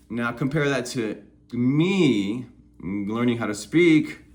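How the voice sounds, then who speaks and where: A man's voice: mid-range voice, lively intonation, slow pace. A man hosting speaking-practice videos, giving a candid, encouraging self-therapy monologue in which he acts out his own inner voices.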